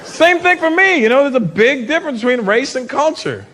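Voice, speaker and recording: A man from Canada performing a stand-up comedy set on a club stage, talking to the audience and breaking into loud shouted bits as he acts out characters. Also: very high voice, very animated, brisk. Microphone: handheld stage mic. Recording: live club recording with crowd noise.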